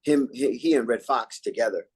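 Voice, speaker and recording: An older man from New York, an actor, telling stories in a relaxed interview and acting out old lines and catchphrases. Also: medium pitch, moderate pace, husky. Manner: animated, acts out quotes and catchphrases. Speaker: actor guest.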